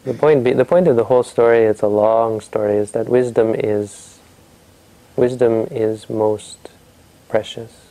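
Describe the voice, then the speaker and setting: A man tells a traditional story to a family audience, speaking conversationally and often turning to ask his listeners questions. His voice is gravelly and mellow, with a darker tone. He often restarts his sentences as he talks. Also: mid-range voice, steady tone, unhurried, poor audio.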